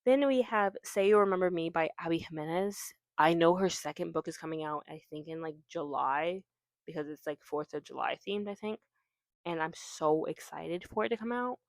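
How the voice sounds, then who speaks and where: A woman's voice: fairly low pitch, moderate pace, no echo. A woman chatting casually about her reading list, rambling and correcting herself with lots of fillers. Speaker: booktuber. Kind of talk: casual chat about books.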